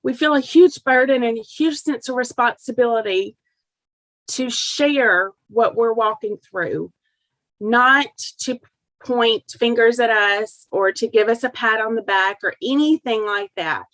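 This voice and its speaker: A woman's voice: fairly high pitch, measured pace, a bit bright, no echo, poor audio. Earnest middle-aged woman telling her story. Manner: earnest and heartfelt, retelling family dialogue. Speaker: interview guest. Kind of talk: personal storytelling in an interview.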